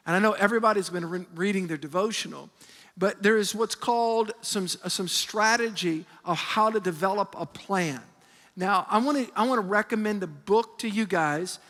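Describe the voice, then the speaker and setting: A man in his fifties, a pastor preaching a sermon with call-and-response and animated storytelling. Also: high-pitched, moderate pace. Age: 50s. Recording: long reverb of a large hall.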